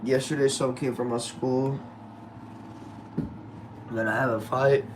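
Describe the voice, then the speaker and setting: A man's voice: medium pitch, fairly even intonation, takes it slowly, noisy background. A man casually chatting with his viewers and reading their comments aloud in laid-back slang. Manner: laid-back slangy talk, addresses viewers as y'all and bro. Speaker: streamer reading chat. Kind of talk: casual live chat.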